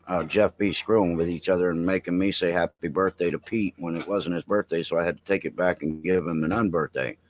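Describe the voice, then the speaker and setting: Low-voiced guy reading news and cracking blunt jokes to his chat, dry mic. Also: no echo, low-quality recording. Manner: blunt, joking, reads headlines then riffs, talks to chat. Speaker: veteran podcast host. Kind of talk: casual live-stream commentary.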